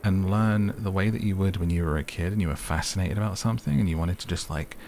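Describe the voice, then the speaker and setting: A soft-spoken man with a very low voice giving slow, rambling, gently amused commentary on a game to help listeners sleep. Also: a little hiss or hum. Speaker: gaming ASMR host.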